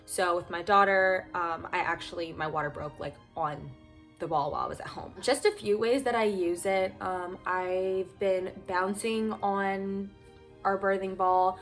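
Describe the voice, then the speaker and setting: Speaking unhurriedly at a medium pitch, a young parenting vlogger talks casually to camera as faint music plays behind her. She sounds noticeably out of breath, and her chat rambles along with fillers.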